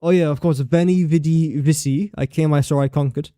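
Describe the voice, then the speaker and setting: A man's voice: on the high side, fairly even intonation, a little fast, dark tone, smooth, no echo, studio quality. A man chatting casually during a gameplay livestream, playful and self-mocking, talking to objects in the game. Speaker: game streamer.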